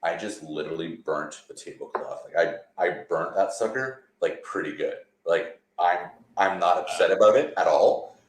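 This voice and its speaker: With a deep voice, a man speaks at a moderate pace with few pauses as a guest magician, telling rambling, easygoing stories. It's a casual interview chat over a remote call from a borrowed apartment, with roomy echo.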